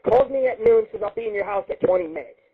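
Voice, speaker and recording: A man hosting an internet radio show, telling crude rambling stories in a profane, excitable monologue. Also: high voice, fast talker. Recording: husky lo-fi phone-line sound.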